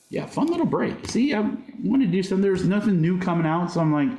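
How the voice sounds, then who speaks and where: A high-voiced man gives live card-break commentary in an upbeat, joking patter. His voice rings in a roomy, echoing space. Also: very animated, quick pace, hardly any pauses, dark tone, faint music behind. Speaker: host of a card-break livestream. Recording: roomy echo.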